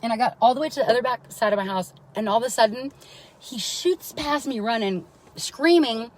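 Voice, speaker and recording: A woman's voice: fairly high pitch, brisk, rough recording. A mother telling a long, rambling personal story on a live stream, with frequent swearing and asides of "right?" to her listeners. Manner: keeps checking in with listeners by asking "right?".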